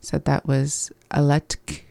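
A learner practicing new words in a relaxed lesson, repeating them carefully and laughing at their own slips. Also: mid-range voice, slow pace, gravelly, dry recording. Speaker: language learner. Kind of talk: conversational language lesson.

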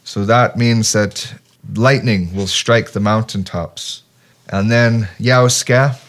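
Man, lowish pitch, patient teacher, explains then repeats words slowly, call-and-response lesson. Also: steady tone, a bit bright. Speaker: teacher of traditional songs.

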